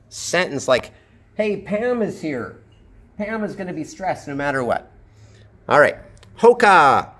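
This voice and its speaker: Slow-talking man teaching English phonetics. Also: mid-range voice, a bit bright. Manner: explains slowly, drawing out sample words. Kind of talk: classroom lecture.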